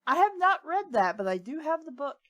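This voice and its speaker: A woman's voice: high-pitched, sing-song, fairly quick, dull audio. A woman chatting and rambling through comic asides while she and others read a fanfiction aloud. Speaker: fanfiction reader. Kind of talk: casual comedic commentary.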